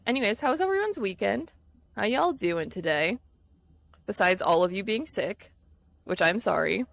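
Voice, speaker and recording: A native English speaker streams gameplay and chats casually with viewers, giggly, easily distracted and quick to laugh. Her mid-range voice is expressive, gravelly and a bit bright at a normal speed, with no echo.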